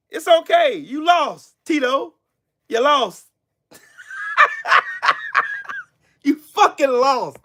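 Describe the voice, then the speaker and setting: A man's voice: very high voice, expressive, drawn-out words, long pauses, a bit bright, shouting. A man hosting a livestream and ranting about politics, taunting and trash-talking a viewer and laughing often. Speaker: livestream host. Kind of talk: heated political rant.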